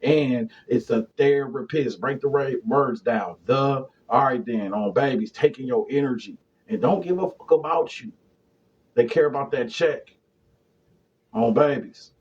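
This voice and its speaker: A man giving a casual, profane monologue on esoteric topics, swinging between loud rants and muttered asides. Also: medium pitch, measured pace, breathy edge. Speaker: esoteric lecturer. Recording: dull lo-fi sound.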